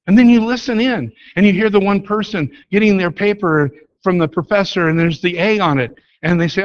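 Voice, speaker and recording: A man's voice: high voice, brisk, hardly any pauses. A man preaching a sermon, telling a story and acting out the lines of the people in it. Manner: storytelling, acts out dialogue, animated. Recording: dull lo-fi recording.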